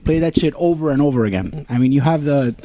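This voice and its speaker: A man's voice: fairly high pitch, fast talker, very noisy. Nostalgic man chatting on a podcast. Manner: nostalgic, loose storytelling with fillers. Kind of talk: casual podcast chat.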